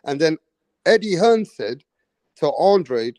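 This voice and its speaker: A man hosting a podcast in casual chat, blunt and animated, swearing freely. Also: on the high side, unhurried, creaky, dry recording. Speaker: podcast host.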